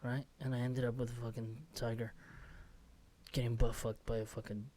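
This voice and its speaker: A young man with an everyday mid-pitched voice rambles through a solo podcast episode. He swears freely and mocks himself as he goes. He is recording in a small office room. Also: flat delivery, normal speed. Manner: rambling, profane, self-mocking. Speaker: podcast host. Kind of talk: casual solo rant. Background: music playing softly.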